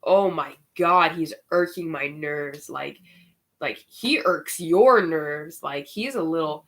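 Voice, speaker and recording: A woman with a lowish voice does a casual tarot reading at an unhurried, drawn-out pace. She is chatty and candid, drops swear words and slang, and exclaims over what the cards show. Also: a bit bright. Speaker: tarot reader.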